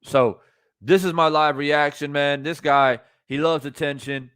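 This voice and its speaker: A man's voice: a little high, fairly even intonation, unhurried, a bit bright, clear, resonant tone, no room sound, studio quality. A man ranting on a live stream, blunt and profane, hammering his points through repetition. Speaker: streamer reacting to boxing news. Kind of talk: live-stream reaction rant.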